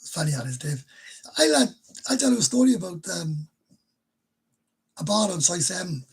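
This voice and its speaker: A man's voice: sits high, sing-song, normal speed, creaky, husky, rough recording. A middle-aged man hosting a casual livestream, talking bluntly and chattily and swearing now and then. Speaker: livestream host.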